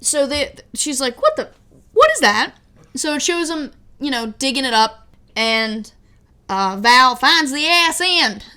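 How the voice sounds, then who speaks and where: A woman co-hosting a casual movie review podcast. Her voice sits a little high, and she retells the plot in a loose, chatty way. She often breaks into laughter and swears freely. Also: animated, unhurried, sharp tone, clear, resonant tone. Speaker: podcast co-host.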